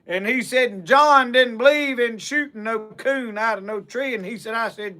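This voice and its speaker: A man's voice: very high-pitched, normal speed, hardly any pauses, pushed and bright. A man with a Southern US accent telling a folksy comic tall tale in a drawl, starting almost every clause with "said". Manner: drawling, repeats "said" constantly. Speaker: storyteller.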